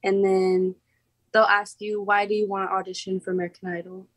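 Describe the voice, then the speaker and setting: A woman's voice: mid-range voice, flat delivery, brisk, dry recording. A young woman from Oklahoma in her late teens, a former contestant chatting casually in an interview, bubbly and giggly with lots of "like" fillers.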